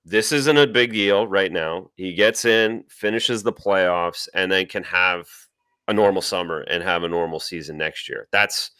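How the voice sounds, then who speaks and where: Podcast co-host, a man with a low, crisp voice, stammering through casual hockey talk, dry sound. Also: measured pace, sharp tone, dry recording. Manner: stammers and restarts, repeats words. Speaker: podcast co-host, former player.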